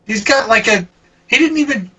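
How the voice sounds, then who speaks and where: A man co-hosting a casual podcast, reading out a listener's email with halting restarts and frequent laughs. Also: extremely high pitch, animated, sharp tone, slightly rough, recorded from a distance, dull audio. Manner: halting, laughs often, stumbles over words.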